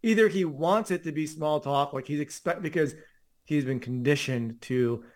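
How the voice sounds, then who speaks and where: Casting: male co-host with a slightly high voice, loose and conversational. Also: moderate pace, darkish tone. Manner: conversational, frequent "like" fillers. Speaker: podcast co-host. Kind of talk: casual chat.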